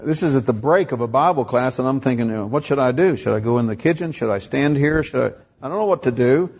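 Older man, pastor, sermon storytelling, raspy and husky, muffled recording. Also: fast talker, darkish tone. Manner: storytelling, acting out dialogue with rising pitch.

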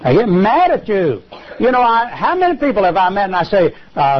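A man's voice: sing-song, a little fast. Emphatic preacher man, lo-fi broadcast. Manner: emphatic preaching with rhetorical questions and sudden pitch jumps. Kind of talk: sermon. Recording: lo-fi television broadcast.

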